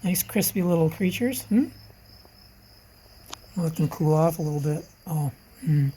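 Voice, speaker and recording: A woman in her sixties talks her viewers through a homey kitchen routine in a relaxed, chatty way. Her voice sits a little low and she speaks slowly and unhurriedly. A faint hum of background noise sits under the recording. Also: low-quality recording. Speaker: vlogger. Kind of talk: casual cooking vlog. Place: home kitchen.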